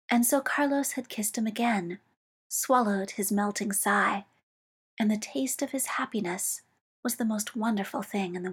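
A female narrator with a medium-pitched, slightly rough voice reads fiction aloud. Her storytelling is slow, soft and measured, and now and then she drops into a whisper.

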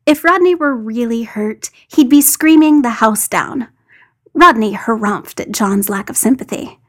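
Casting: woman reading fiction aloud, somewhat high, lively delivery. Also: a little slow. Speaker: podfic reader. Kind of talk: scripted narration.

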